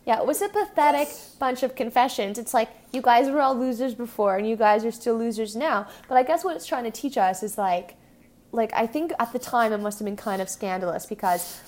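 A woman's voice: fairly high pitch, a little fast, a little mellow. A young woman in her twenties co-hosting a podcast, chatting casually and giggling, with lots of "like". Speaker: podcast co-host. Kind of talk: casual recap chat.

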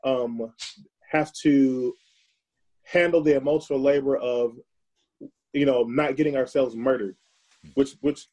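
A man's voice: mid-range voice, dark tone, slightly rough, rough recording. A man speaking earnestly and emphatically as a guest in a casual discussion, often repeating words as he thinks.

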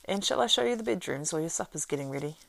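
A woman voicing a cheery, eager young male hobbit servant who is quick to please, in a story reading. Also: low-pitched, lively intonation, vocal fry, dry recording.

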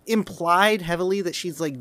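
A podcast host chats casually and reads book passages aloud. The voice sits at a middling pitch. The delivery is rambling and tangential, often trailing off in self-amused asides. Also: normal speed, a bit bright. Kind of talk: casual chat and reading aloud.

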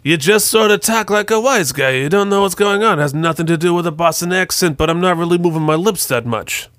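A man's voice: sits high, a little fast, fairly bright tone, no echo. A man doing a mock wise guy, half mobster, talking without moving his lips much. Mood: mock tough.

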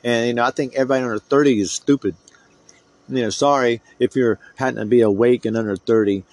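A man's voice: medium pitch, steady tone, fast talker, a little mellow, no room sound. A middle-aged man from the United States, hosting a podcast and ranting in a heated, profane, rambling way. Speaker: podcast host. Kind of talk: solo podcast rant.

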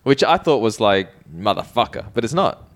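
A man's voice: medium pitch, very animated, normal speed. A man co-hosting a podcast in casual chat, telling rambling stories with dry, self-deprecating jokes. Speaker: podcast co-host.

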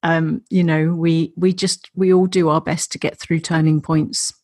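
A woman hosts an interview, setting up her question slowly and thoughtfully. Her voice is a little low and husky. The recording is dry and close. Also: level tone, darkish tone, dry recording. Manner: thoughtful, searching for words. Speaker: host.

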